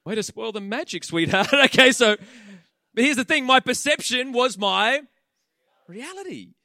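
A man of about forty delivers a sermon in a big auditorium, his voice high, bright and dry. He is an animated storyteller who keeps tossing playful asides at the listeners. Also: no echo. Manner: animated storyteller, quick humorous asides to the crowd. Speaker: pastor. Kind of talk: sermon to a live audience. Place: large auditorium.

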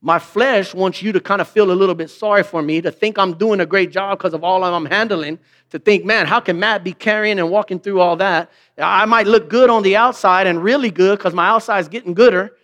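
High-voiced pastor preaching conversationally. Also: male voice, fairly quick, fairly bright tone. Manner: conversational preaching with rhetorical questions; acts out quoted remarks in mock voices. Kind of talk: sermon.

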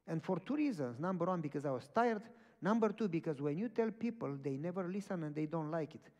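Preacher guy, slightly high voice, acting out a story, long echo in a big hall. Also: fast talker. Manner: animated, acts out dialogue in stories. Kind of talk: storytelling sermon. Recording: echoey hall from far off.

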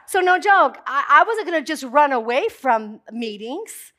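A woman pastor preaching a sermon to her congregation, emphatic and building to forceful declarations, with jokey asides. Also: high voice, big pitch swings, unhurried, hardly any pauses.

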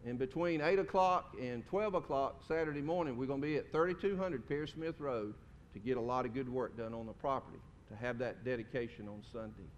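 A man's voice: fairly quick, lo-fi sound. A man preaching a sermon in a folksy, conversational way, asking his congregation questions. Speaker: pastor. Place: church sanctuary. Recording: reverberant hall with faint rumble.

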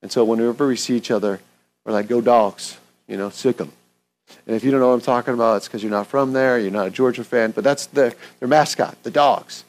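A man's voice: medium pitch, fast talker. Earnest male pastor preaching. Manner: conversational, earnest, repetitive phrasing. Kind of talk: sermon.

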